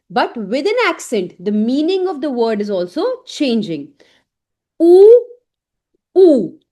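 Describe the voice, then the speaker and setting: A woman teaching an online French lesson. She explains slowly, repeats words and often checks in with "okay?". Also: high-pitched, a little mellow.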